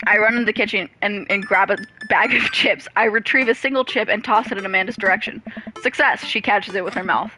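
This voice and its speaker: A woman's voice: medium pitch, a little fast, faint music behind, poor audio. A woman doing let's-play commentary, narrating a game and reading the text aloud, with playful, giggly asides. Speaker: gamer.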